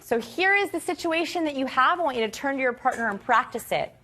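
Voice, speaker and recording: A woman's voice: sits high, expressive, fast, sharp tone. A woman presenter teaching a live seminar from a stage, instructive and repeating key phrases. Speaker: workshop presenter. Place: stage before an audience.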